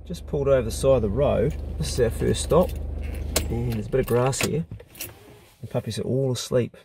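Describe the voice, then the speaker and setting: A man in his forties with a New Zealand accent vlogs a road trip, chatting casually and speaking fondly to his dogs. His medium-pitched voice is gravelly and a little fast. He's filmed on a handheld camera in a truck and outdoors by the road, with background noise.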